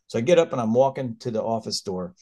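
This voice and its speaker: A man in his fifties, a physician and guest, telling stories in an animated, earnest way that turns emotional. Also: mid-range voice, quick pace. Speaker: critical care physician, guest. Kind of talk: conversational storytelling.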